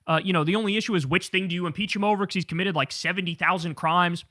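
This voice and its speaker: A man's voice: sits high, steady tone, fast talker, pushed and bright, dry recording, clean studio sound. A man hosting political commentary, talking casually in a blunt, profane and incredulous way.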